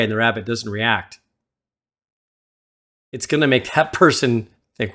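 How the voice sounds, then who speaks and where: A man hosting a music reaction video, gently advising the viewer like a mentor into a desktop studio mic. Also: medium pitch, normal speed, long pauses. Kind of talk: casual reaction commentary. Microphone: desktop USB studio microphone.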